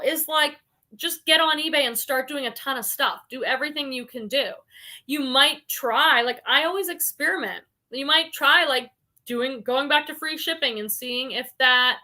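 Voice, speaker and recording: A woman's voice: high-pitched, pushed and bright. A woman hosting a casual livestream, chatting freely with lots of "like" and "um" and reading viewer comments aloud. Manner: frequent "like" and "um" fillers. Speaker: reseller livestream host.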